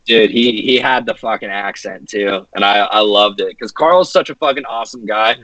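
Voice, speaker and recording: A man's voice: lowish voice, normal speed, sharp tone, no room sound, low-quality recording. Laid-back cursing man from Washington State. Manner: loose, profane, laid-back. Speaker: guest musician. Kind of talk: casual chat.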